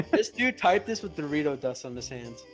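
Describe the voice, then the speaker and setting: A young man talks over friends in a loose online call, his voice sitting a little high. He is blunt and argumentative and swears freely, with faint music behind him. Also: sing-song. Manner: blunt, swearing, quick to argue. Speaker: co-host reading posts. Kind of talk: casual group chat.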